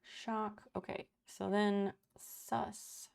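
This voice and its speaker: Woman in her thirties, live streamer, gravelly, dark-toned, rambling casual chat, swears freely. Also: medium pitch, level tone, very slow. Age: 30s.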